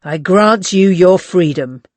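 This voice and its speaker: Reader voicing a cold commanding pimp, clipped, dry studio sound. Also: male voice, high voice, expressive, slow, no echo. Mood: solemn. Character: hard domineering brothel master, man.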